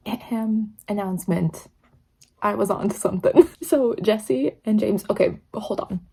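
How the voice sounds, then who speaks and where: A woman's voice: medium pitch, a little slow, gravelly, mellow, husky. A young woman vlogging her reactions while reading, chatty and emotional, tearful and laughing often. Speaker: book vlogger. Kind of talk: casual reading vlog reactions.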